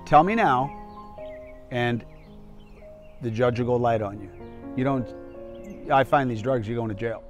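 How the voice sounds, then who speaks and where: A man voicing a stern male state trooper who barks gruff demands. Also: medium pitch, measured pace, long pauses, soft background music, natural voice.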